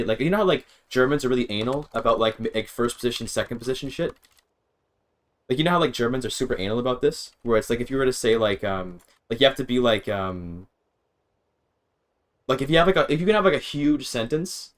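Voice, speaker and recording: A man's voice: mid-range voice, animated, a little fast. Rambling male streamer thinking aloud. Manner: rambling, self-interrupting, swears freely. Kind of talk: casual gaming stream chat.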